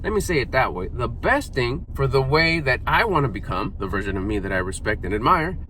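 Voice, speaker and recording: A man's voice: medium pitch, sing-song, fairly quick, sharp tone. A man giving an emphatic, self-critical motivational vlog monologue in short punchy phrases. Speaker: vlogger, mindset coach. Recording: noisy background.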